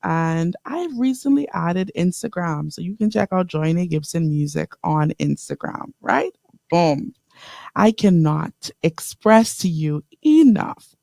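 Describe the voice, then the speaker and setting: A woman hosts an inspirational radio talk show, and her voice has a gravelly fry. She talks lively and straight to her listeners and slows down to repeat key lines. The studio sound is close and dry. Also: on the low side, dry recording. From the Bahamas. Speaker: radio host.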